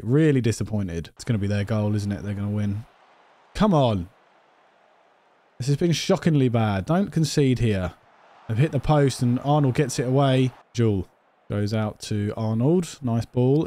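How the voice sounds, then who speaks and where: Mellow man, dry let's-play chatter. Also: medium pitch, no room sound. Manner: chatty, thinks aloud and talks to himself, voice jumps up when exasperated. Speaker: gaming video host. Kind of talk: let's-play commentary over a football management game.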